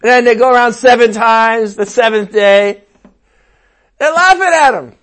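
A man preaching a sermon in a conversational, animated way, with playful asides and sudden outbursts. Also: very high voice, normal speed.

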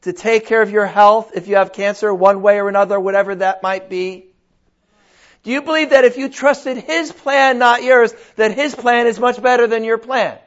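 A man's voice: high-pitched, fairly even intonation, moderate pace. An older man preaching a sermon in a conversational, folksy way, full of rhetorical questions. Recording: dull lo-fi recording.

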